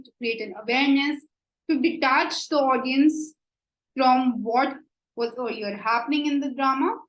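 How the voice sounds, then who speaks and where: A woman with an Indian English accent giving an exam coaching lecture, slow and deliberate, often checking with "right?". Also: sits high, echoey room, low-quality recording. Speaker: teacher.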